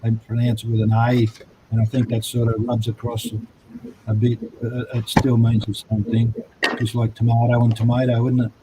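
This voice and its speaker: A laid-back Australian man hosts a casual chat, drifting through his point with frequent ums and restarts. His voice sits at an ordinary middle pitch. A light hiss runs under the recording. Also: monotone, normal speed. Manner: rambling, laid-back, many fillers. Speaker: host.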